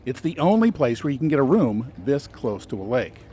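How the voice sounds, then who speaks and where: A man's voice: medium pitch, big pitch swings, a little fast, warm tone, a little hiss or hum. A man hosting a travel guide, giving scripted narration with dry, sarcastic asides.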